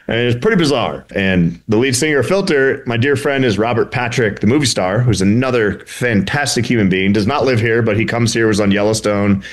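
A male musician guest chatting on the radio in an animated, storytelling way. His pitch sits in a middle range, and he slips into other people's voices when he recounts his anecdotes. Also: a little fast, few pauses. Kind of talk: casual storytelling interview.

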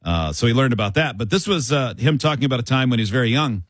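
A man's voice: mid-range voice, expressive, fast talker, no room sound. A man hosting a radio talk show in casual chat, chatty with lots of fillers.

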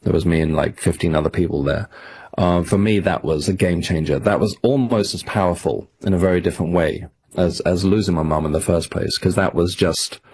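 An English man, a guest author, talking in a casual radio interview, self-deprecating and halting with frequent restarts. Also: low-pitched, a little mellow, breathy edge. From England.

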